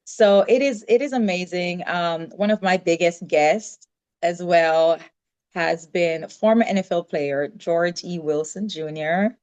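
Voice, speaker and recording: A Jamaican woman telling stories as a guest in an interview, lively and acting out what people said. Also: lowish voice, unhurried, smooth, lo-fi sound. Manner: lively storytelling, acts out quoted dialogue. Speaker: podcast guest. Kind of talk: casual interview chat.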